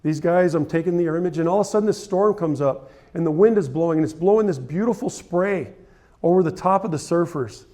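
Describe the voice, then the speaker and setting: A man's voice: fairly high pitch, a little fast, dark tone. Earnest middle-aged man telling a story. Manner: earnest, heartfelt, building to emotional peaks. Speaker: photographer giving a conference talk. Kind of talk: personal storytelling presentation. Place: conference hall stage.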